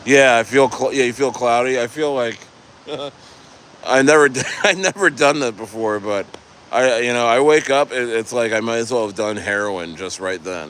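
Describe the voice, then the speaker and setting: A man chats on a live stream from outdoors near the coast, with faint traffic hum behind him. He rambles loosely, answers his chat, laughs easily, and trails off and restarts his sentences. His voice sits at an everyday middle pitch. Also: moderate pace, a bit bright. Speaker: crypto livestreamer reading chat.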